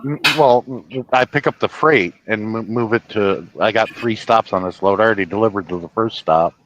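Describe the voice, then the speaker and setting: A man's voice: fairly low pitch, moderate pace, fairly bright tone, muffled recording. A man who drives a truck, chatting casually on a live stream from his truck cab, rambling through stories with swearing and false starts. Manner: storytelling with swearing and restarts.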